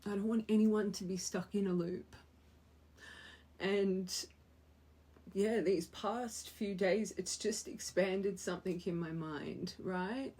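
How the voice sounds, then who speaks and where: Earnest husky-voiced woman tarot reader. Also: medium pitch, steady tone, slow pace, warm tone. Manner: earnest, emotional, repeats phrases for emphasis. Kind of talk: spiritual tarot reading to viewers.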